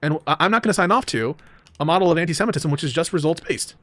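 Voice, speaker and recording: A man's voice: on the high side, lively intonation, rapid-fire, a bit bright, no echo. A man in a debate discussion, speaking in a defensive, insistent way.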